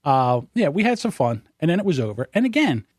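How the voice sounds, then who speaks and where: A fifty-something man hosts a podcast and chats casually with his co-host. He tells stories with animation and acts out what others said. His voice sits a little high and sounds close and dry. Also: very animated, a little fast, a little mellow, no echo. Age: 50s.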